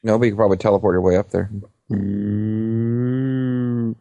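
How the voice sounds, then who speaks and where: A man's voice: fairly low pitch, flat delivery, measured pace, mellow, no room sound, highs cut off. A man co-hosting a game playthrough, joking and explaining the mechanics in casual commentary. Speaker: let's play co-host.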